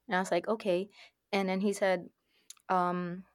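A woman guest on a podcast tells a personal story in a chatty, animated way, acting out every line of the back-and-forth. Her voice sits in a middle range and sounds dry and close, with no room echo. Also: medium pitch, normal speed, long pauses. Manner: animated, quotes herself and others, frequent laughs. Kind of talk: casual storytelling.

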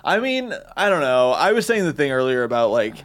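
A male comedian guest in casual chat, loose and laughing, thinking out loud with some swearing. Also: medium pitch, big pitch swings, a little fast.

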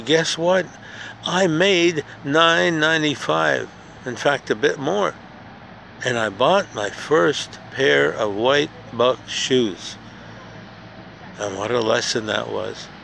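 An older man with a heavily gravelly voice tells a motivational story outdoors. He is earnest and repeats himself, building to emphatic questions. Faint background noise from the park is heard behind him. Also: medium pitch, a bit bright, rough recording. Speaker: podcast host.

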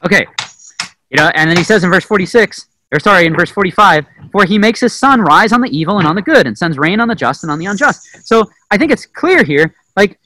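Animated man preaching casually, bright dry voice. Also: high voice, slight background noise, rough recording. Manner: conversational, animated, often asks "right?"; dramatic acted-out quotes with sudden loud bursts. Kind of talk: informal sermon teaching.

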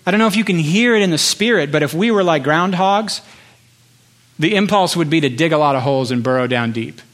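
An impassioned male pastor delivering a sermon. His voice sits fairly high, and he builds his points through repeated phrases broken by pauses. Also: lively intonation, fairly bright tone. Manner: impassioned, rhetorical repetition with pauses.

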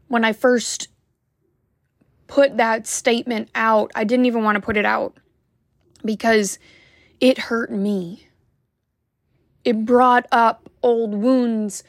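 A woman coach speaking slowly and with feeling, pressing each point with heartfelt emphasis. Her voice sits a little high, and the recording is dry and close, with no room sound. She talks straight to the viewer in a motivational style. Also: no room sound. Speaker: wellness coach. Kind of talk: motivational talk to camera.

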